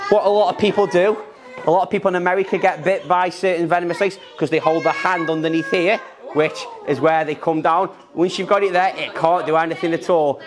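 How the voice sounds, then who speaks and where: A young man giving an enthusiastic, repetitive live talk about snakes while handling animals in a museum room. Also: on the high side. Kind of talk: live educational talk to children.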